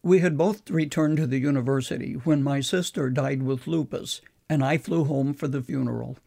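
An older man, a preacher, earnestly recounting a personal story in a measured way. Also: mid-range voice, creaky, mellow.

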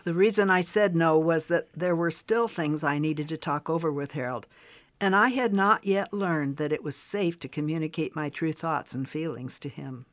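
An older woman, a preacher's wife, calmly reflecting on her own story. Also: low voice, normal speed. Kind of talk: recounting a personal story.

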